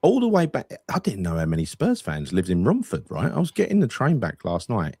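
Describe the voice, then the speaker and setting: A man's voice: on the low side, wildly swooping pitch, brisk, darkish tone, husky, dry recording, clean studio sound. A man co-hosting a casual football podcast, chatty and teasing, with freely dropped swear words. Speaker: podcast co-host. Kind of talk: casual chat.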